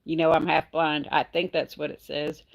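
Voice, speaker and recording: A middle-aged Texan woman hosts a livestream on her phone, chatting casually and laughing often as she reads viewer comments aloud. Her voice is low and gravelly, with a level tone and a moderate pace.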